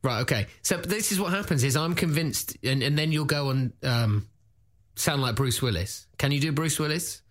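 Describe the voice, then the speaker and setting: A man hosting a comedy podcast, teasing his co-host and rambling into quick plugs. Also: fairly high pitch, lively intonation. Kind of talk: casual comedic chat and promo.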